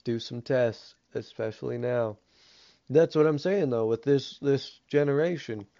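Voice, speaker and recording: A man's voice: mid-range voice, unhurried, gravelly, mellow. A young man co-hosting a podcast, laid-back and slangy in casual chat, mostly agreeing. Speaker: podcast co-host. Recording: dull, lo-fi sound.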